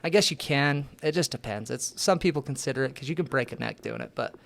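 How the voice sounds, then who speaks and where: A man's voice: medium pitch, fast, vocal fry. A young man, an interview guest, telling rambling, profane stories in casual chat. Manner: profane, rambling, animated storyteller.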